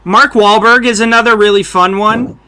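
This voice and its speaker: A man's voice: high-pitched, fairly even intonation, moderate pace, sharp tone. A young man hosting a casual podcast chat, loose and joking, who keeps slipping into celebrity impressions. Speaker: podcast host.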